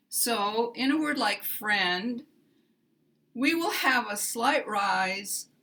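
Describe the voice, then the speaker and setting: Slow, bright American woman teacher. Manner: models example phrases with exaggerated pitch glides. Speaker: pronunciation teacher.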